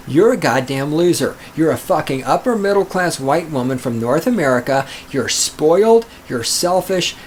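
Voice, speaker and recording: A man's voice: a little high, slight background noise. Profane ranting male podcaster. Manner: profane, combative, sarcastic. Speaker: podcast host. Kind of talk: ranting podcast monologue reading letters.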